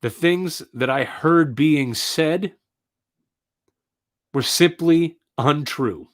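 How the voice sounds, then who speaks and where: A man's voice: on the high side, very slow. A man giving an earnest personal monologue, telling his story with indignant, emphatic repetition.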